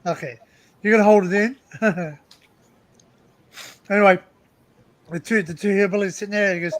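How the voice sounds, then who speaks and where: A man hosts a relaxed livestream chat, trading jokes and laughing along. His voice sits high for a man. He talks easily, in a loose and unscripted way. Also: brisk, long pauses, no echo. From Australia. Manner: joking, tells jokes and laughs. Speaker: livestream host. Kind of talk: casual chat.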